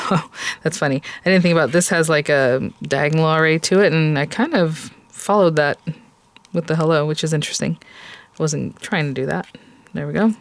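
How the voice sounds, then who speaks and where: A woman hosting a crafting tutorial, chatting casually to viewers as she works and often exclaiming how cute things are. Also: low voice. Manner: chatty, gushing, talks to viewers while working. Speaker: craft video host.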